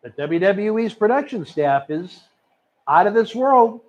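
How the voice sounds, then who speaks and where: Chatty high-voiced male host. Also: expressive. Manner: chatty, rambling, quick to laugh. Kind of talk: casual wrestling watch-along chat. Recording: slightly dull lo-fi sound.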